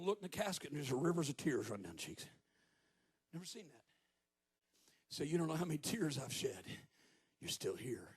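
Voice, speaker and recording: A man in his fifties preaching a sermon as a guest preacher at a church service, telling stories with joking asides and rising to shouted peaks. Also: fairly high pitch, big pitch swings, fairly quick, pauses often, husky. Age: 50s.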